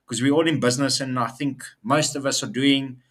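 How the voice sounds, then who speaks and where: An upbeat man co-hosts a casual business show. He talks in loose, rambling sentences with fillers like "um". His pitch sits at an ordinary middle for a man. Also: fairly even intonation, a little fast, a bit bright. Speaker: co-host.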